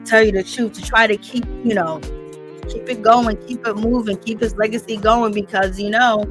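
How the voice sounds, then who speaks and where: A woman hosting a call-in commentary channel talks directly to viewers while recapping a reality show, chatty and casual with many fillers. Her slightly high voice keeps a steady tone and moderate pace, and music plays underneath.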